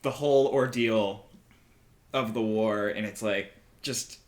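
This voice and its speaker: A man's voice: fairly low pitch, takes it slowly. A young man co-hosting a casual podcast chat, talking earnestly with many "like"s. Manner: earnest, lots of "like" and "um" fillers. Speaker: podcast co-host.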